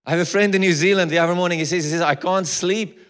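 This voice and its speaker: A man delivers a sermon in a church hall where his voice rings with a long reverb. His fairly high voice goes from easygoing storytelling to fervent, driving preaching. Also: steady tone, very fast, a bit bright, clear, resonant tone.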